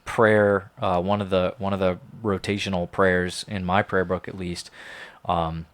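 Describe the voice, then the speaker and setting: Man, podcast co-host, fairly low voice, casual chat, measured, reflective. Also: level tone. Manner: measured, reflective, hedging restarts.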